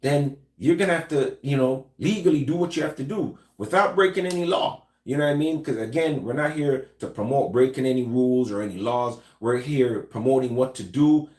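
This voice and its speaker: A man's voice: mid-range voice, brisk, hardly any pauses, a little mellow, roomy sound. A man hosting a casual talk show, speaking loosely and conversationally with slang and frequent restarts. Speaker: host.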